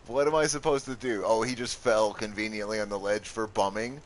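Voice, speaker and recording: A man's voice: lowish voice, normal speed. A man giving casual let's-play commentary, joking, laughing often and talking back to his viewers. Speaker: gaming commentator.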